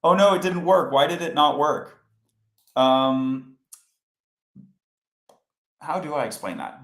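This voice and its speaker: A man's voice: a little high, slow pace, pauses often, fairly bright tone. Chatty man teaching code live, roomy sound. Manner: chatty, explains step by step, talks to chat. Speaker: coding livestream host. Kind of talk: casual live coding tutorial. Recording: roomy echo.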